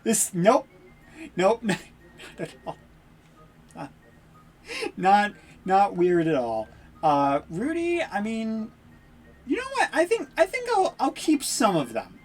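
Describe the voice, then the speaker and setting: A woman's voice: mid-range voice, sing-song, slow, pauses often. A woman streaming a video game, making wry, sarcastic asides as she plays. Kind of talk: casual game commentary.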